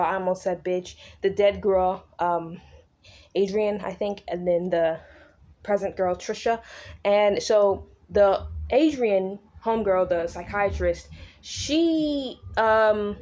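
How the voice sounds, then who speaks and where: A woman's voice: medium pitch, darkish tone. Slangy young woman recapping a book. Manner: slangy, swears freely, acts out characters' lines in quick asides. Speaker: book vlogger recapping a novel. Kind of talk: casual chatty book recap.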